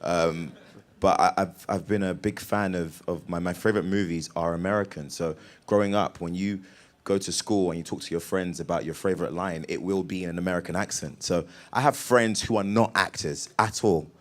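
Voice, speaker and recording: A young British man, an actor guest, telling stories in a lively, laughing way during an interview. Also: low-pitched. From Britain. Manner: animated, laughing storyteller with quick restarts. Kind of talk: casual interview chat.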